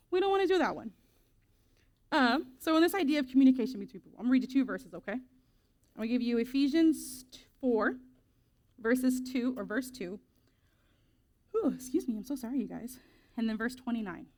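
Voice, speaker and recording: A woman with a fairly high pitch gives a casual, lively youth group talk to teenagers, reading scripture and acting out quick quoted voices.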